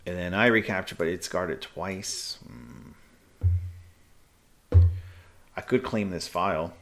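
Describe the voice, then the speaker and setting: A man streaming live chess, thinking aloud in halting, muttered bursts as he calculates moves. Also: low voice, a bit bright, faint music behind.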